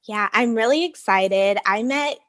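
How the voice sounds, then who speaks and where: A woman's voice: on the high side, measured pace, a bit bright, no room sound. A woman hosting a podcast interview, upbeat and enthusiastic as she introduces and questions her guest. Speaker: podcast host.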